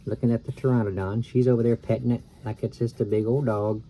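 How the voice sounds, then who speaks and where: A man's voice: mid-range voice, steady tone, fast, mellow, a little hiss or hum. A man reading a chapter book aloud to children, breaking off for chatty asides that explain the story. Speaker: storybook reader.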